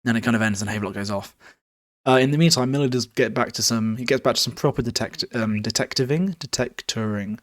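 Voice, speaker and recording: A man's voice: mid-range voice, fast, no room sound, clean studio sound. A man hosting a podcast, recapping a book in a casual, rambling way with swearing, fillers and self-corrections. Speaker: podcast host.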